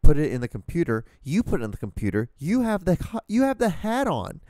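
A man's voice: a little high, huge pitch swings, fairly quick, dark tone, no echo, studio quality. A man hosting his own podcast, ranting casually and profanely into a microphone with an exasperated tone. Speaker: podcast host. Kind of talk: casual solo rambling rant. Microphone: studio microphone, talking to camera.

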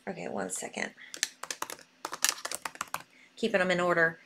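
A woman hosting a live jewelry sale stream, excitable and reading buyer names aloud as she types. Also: on the low side, a little slow, vocal fry, noisy background.

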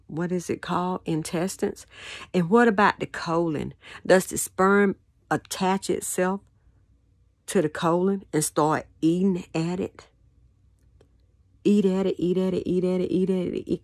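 A woman's voice: on the low side, gravelly, dry recording, clean studio sound. A woman giving a rambling spoken monologue, repeating words and asking questions, often dropping to a whisper. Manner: repetitive, questioning, drops to whispers. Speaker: vlogger.

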